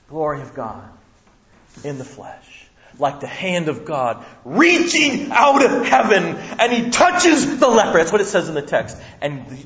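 A male preacher delivers a dramatic sermon in a church room. He swings from loud to hushed, in a high voice. The sound is dull and slightly lo-fi.

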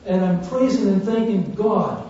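Fervent preacher in an echoey hall. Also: male voice, sits high, measured pace. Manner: fervent storytelling, swinging from hushed to loud. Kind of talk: sermon testimony. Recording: muffled, echoey, distant church recording.

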